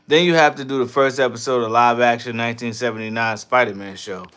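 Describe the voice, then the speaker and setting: Profane, animated man chatting on a livestream. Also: medium pitch, fast, very noisy. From New York. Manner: loud, profane, laughing riffs. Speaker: livestream host reading chat. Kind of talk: casual livestream chat.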